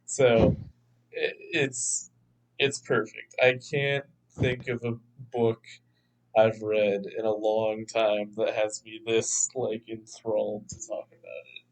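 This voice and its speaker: A man's voice: lowish voice, level tone, slow, poor audio. A man co-hosting a film podcast, chatting casually, rambling and laughing as he talks. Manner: rambling, laughs often, acts out quotes. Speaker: podcast co-host. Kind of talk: casual chat.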